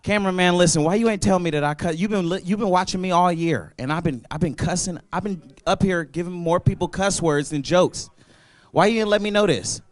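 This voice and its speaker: A man's voice: sits high, a little fast, dry recording. A young man doing a loose, profane stand-up set at an open mic, riffing on the crowd. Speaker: stand-up comedian. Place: comedy club stage at an open mic.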